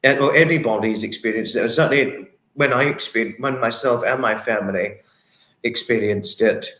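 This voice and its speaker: A man's voice: medium pitch, moderate pace, a bit bright, reverberant. A man hosting a casual livestream, reading chat comments and thanking viewers in an apologetic, effusive, giggly manner. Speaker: livestream host.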